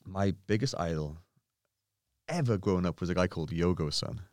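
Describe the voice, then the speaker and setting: A young man, a podcast guest, telling animated stories in casual chat, full of fillers and swearing. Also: sits low, brisk, dry recording, clean studio sound. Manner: animated storyteller, swears freely, many fillers. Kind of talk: casual storytelling.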